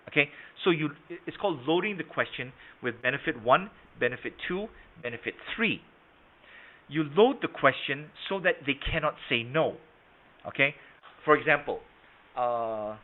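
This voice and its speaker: A man's voice: on the high side, expressive, moderate pace. A man teaching sales in an online webinar, hesitant with many fillers, then stressing his points. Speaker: sales trainer. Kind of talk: webinar lesson. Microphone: video call. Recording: tinny phone-like line.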